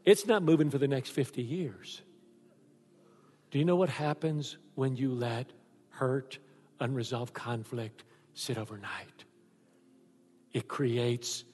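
A man's voice: medium pitch, breathy edge. A man, preaching a sermon as a pastor, telling stories animatedly and acting out the voices in them. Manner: animated storytelling, acts out voices in quotes. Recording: long hall reverb.

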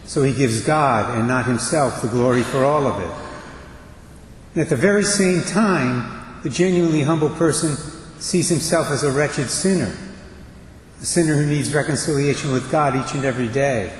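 A man preaching a homily as a priest, measured and deliberate, pausing between phrases and reading a litany prayer slowly. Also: mid-range voice, a little hiss or hum. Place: church. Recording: echoey church with long reverb.

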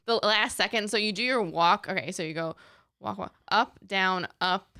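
A woman's voice: mid-range voice, normal speed, sharp tone, clear, resonant tone, dry recording, studio quality. A young woman hosting a casual chat, reading out news items in a light, chatty way.

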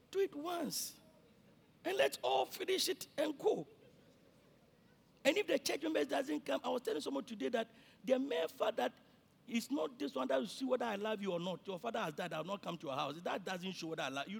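Ghanaian pastor guy preaching, gravelly husky voice, high and all over the place, yells then drops quiet. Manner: swings between shouting and quiet, repeats himself. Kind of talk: sermon.

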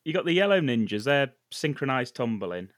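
Male co-host, wry commentator, lively pitch. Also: brisk, no echo. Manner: wry, dry running commentary. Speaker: podcast co-host and editor. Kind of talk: casual chat.

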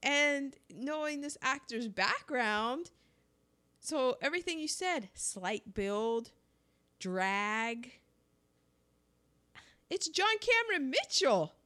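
Lively woman gabbing about old movies, voice swoops high and low, bit high-pitched. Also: slow, long pauses. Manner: animated, emphatic, jumps pitch when excited. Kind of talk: casual chat about films.

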